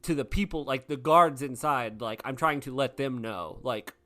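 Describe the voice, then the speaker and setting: Man, tabletop player, relaxed casual talk, mid pitch, faint music behind. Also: normal speed.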